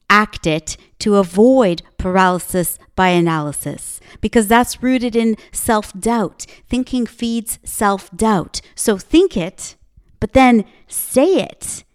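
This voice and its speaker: A woman's voice: mid-range voice, clear, resonant tone. A woman hosting a podcast, speaking into a microphone in an emphatic motivational monologue with punchy repeated slogans. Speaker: podcast host.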